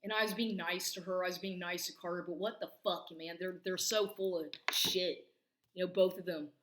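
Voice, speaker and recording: Woman, angry rambling rant, heavy swearing; tense bright tone in a roomy space. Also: lowish voice, fairly even intonation, fairly quick. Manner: profane, rambling, agitated. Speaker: vlogger.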